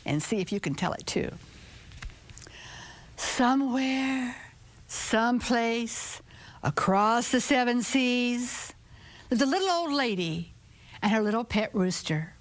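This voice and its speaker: Woman storyteller, children's folktale, expressive, drawn-out lines, whispered asides. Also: a little high.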